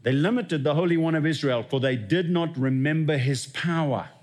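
A man's voice: a little high, normal speed, a little mellow. A man preaching a sermon as lead pastor, telling stories and acting out little dialogues. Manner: storytelling, acts out dialogue with God.

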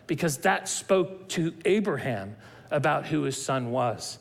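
Animated high-voiced male preacher. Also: unhurried. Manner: animated, emphatic, with restarts and acted-out dialogue. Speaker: pastor. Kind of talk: sermon.

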